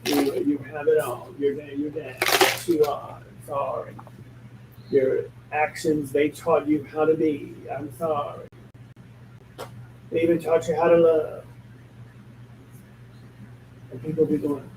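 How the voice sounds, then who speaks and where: A man's voice: on the high side, little pitch movement, slow pace, long pauses. A man working as a spiritual medium, talking casually in an emphatic, blunt and joking way. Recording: echoey room, distant mic, faint noise.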